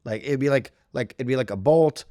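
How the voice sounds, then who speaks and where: A man's voice: medium pitch, fairly quick, dark tone, no room sound, clean studio sound. A man being interviewed as a podcast guest, recalling his past in a rambling, hesitant way full of "like" and "I guess.". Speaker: podcast guest, tech founder. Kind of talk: casual interview storytelling.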